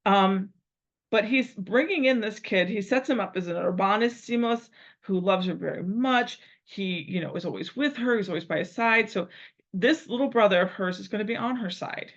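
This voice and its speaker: A woman teacher works through a translation out loud, trying a phrase, repeating it and rewording it as she goes. Her voice sits at a middle pitch. The recording is dull and lo-fi. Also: moderate pace. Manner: thinks aloud, repeats phrases while working out a translation. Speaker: Latin teacher. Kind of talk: live translation lesson.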